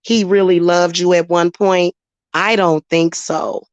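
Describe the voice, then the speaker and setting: Woman on a livestream, aave, blunt and laughy, lowish voice, kinda dull sound. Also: fairly even intonation, unhurried, smooth, no room sound. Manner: blunt, laughs often, talks back to chat. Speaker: livestream host. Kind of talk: casual livestream chat.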